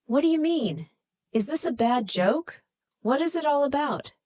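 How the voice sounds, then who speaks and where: A woman's voice: medium pitch, big pitch swings, a little slow, no echo. A woman voicing a worried, agitated wife answering a late-night phone call. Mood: upset. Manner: anxious, raised voice.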